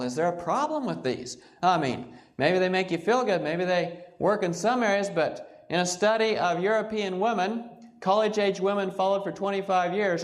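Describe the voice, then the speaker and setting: Male doctor, health lecture, animated storyteller, slightly high voice. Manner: animated, acts out patients' quotes. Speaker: physician giving a health lecture.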